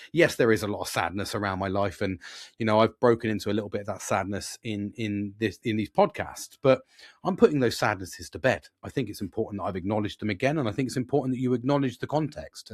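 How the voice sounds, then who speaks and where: A British podcast host in his forties delivers a reflective monologue, speaking earnestly, swearing freely and rambling with many restarts. His voice is lowish, recorded with clean studio sound and no echo.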